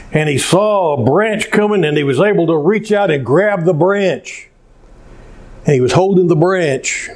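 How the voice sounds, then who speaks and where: A male pastor preaching a sermon, telling stories in an unhurried way with many pauses. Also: on the high side, a little mellow.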